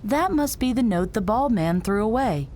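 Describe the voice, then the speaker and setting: Woman playing a stubborn young time traveler, kinda high, bouncy voice, shrugs off worry. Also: animated, normal speed, a little mellow, a little hiss or hum, natural voice. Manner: headstrong, brushes off concern. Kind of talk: game voice acting.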